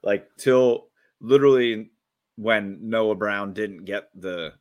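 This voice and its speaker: A man with a very low voice co-hosts a casual sports podcast. He talks in an excitable, rambling way and keeps restarting his sentences as his thoughts rush ahead. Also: slow pace, muffled recording. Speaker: podcast co-host.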